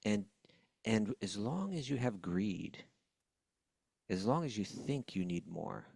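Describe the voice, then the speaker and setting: A low, gravelly male voice hosting a spiritual talk show, relaxed and joking as he repeats phrases he likes. The recording is close and dry. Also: takes it slowly, dry recording. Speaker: podcast host. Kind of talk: casual spiritual discussion.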